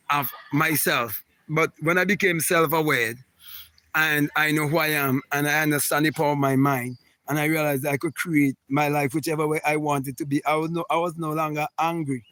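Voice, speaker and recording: Man, host answering comments, emphatic and preachy, slightly high voice, dry close mic. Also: fairly even intonation, normal speed, pushed and bright, dry recording. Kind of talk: casual live talk reading viewer comments.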